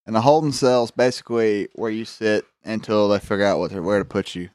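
A man's voice: fairly low pitch, fairly even intonation, fast, darkish tone, dry recording. A man telling a rambling, profane story on a casual podcast, acting out the voices of people in it. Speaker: podcast host.

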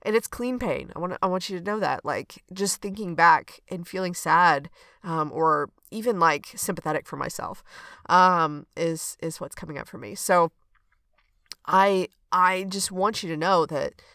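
A woman's voice: lowish voice, moderate pace, fairly bright tone, no room sound, studio quality. Earnest woman podcast host. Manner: earnest, conversational, frequent "okay?" check-ins. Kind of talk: reflective solo podcast talk.

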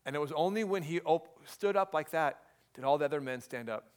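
A man in his thirties preaching a sermon as pastor, earnest and dropping to a hushed voice for emphasis. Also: a little high, expressive, brisk, clear, resonant tone.

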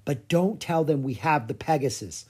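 A storybook narrator voicing a cautious, quick-thinking young girl, with a lively, breathy delivery. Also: mid-range voice. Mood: warning.

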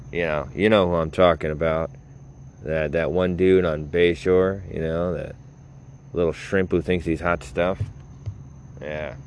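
A man's voice: low-pitched, fairly even intonation, takes it slowly, pauses often, slight background noise. A man hosting his own podcast, rambling casually, mocking himself and laughing at his own jokes, recorded on a phone. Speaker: podcast host.

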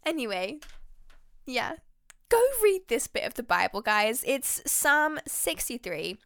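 Excitable woman with a high voice. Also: slow, creaky, no echo, studio quality. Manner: excitable and heartfelt, rambling. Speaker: podcast host. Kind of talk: faith podcast monologue.

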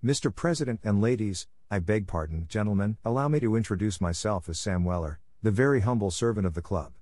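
A man's voice: fairly low pitch, expressive, a little fast, a little mellow, dry recording, clean studio sound. A man reading as a charming, gallant teenage boy. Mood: mock-formal. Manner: mock-formal, engaging speechmaking. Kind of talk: audiobook character voice.

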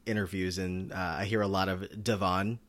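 A man's voice: low-pitched, flat delivery, fairly quick. A man co-hosting a podcast, recapping a game show in casual chat, rambling with lots of fillers and restarts. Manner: struggles over name pronunciations. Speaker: podcast co-host.

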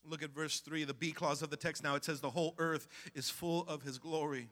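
A man's voice: on the high side, level tone, brisk, fairly bright tone, big-room sound. A man preaching a sermon as pastor in a church sanctuary, impassioned and repetitive, calling out to the congregation.

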